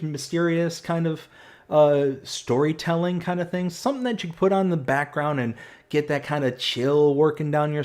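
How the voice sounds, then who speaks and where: A man in his thirties streaming a farming game live, chatting excitably and reading viewer messages aloud. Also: fairly high pitch. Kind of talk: live stream chat while playing.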